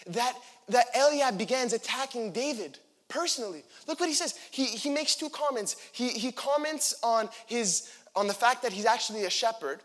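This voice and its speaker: A young man preaching a sermon, animated and acting out the people in the story he reads. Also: very high-pitched, normal speed, few pauses. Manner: animated, acts out the figures in quotes.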